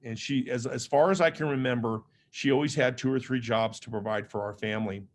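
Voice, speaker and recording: A man of middling pitch tells personal stories from the stage, joking at his own expense as he goes. He is a motivational author speaking in a relaxed, conversational way. Faint noise sits under his voice. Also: a little fast. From Las Vegas, Nevada, USA. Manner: humorous, conversational, self-deprecating storyteller. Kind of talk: storytelling keynote talk.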